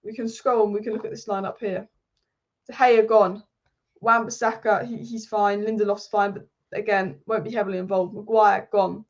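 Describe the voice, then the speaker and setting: A woman hosting a football channel, talking through transfer news in a passionate, rapid-fire way. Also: medium pitch, flat delivery. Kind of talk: casual football commentary monologue. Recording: slightly dull lo-fi audio.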